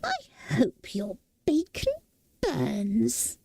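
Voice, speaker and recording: A woman's voice: on the high side, wildly swooping pitch, extremely slow, vocal fry, warm tone, breathy edge, exaggerated voice. A woman putting on a sulky, crackling fire demon. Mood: spiteful.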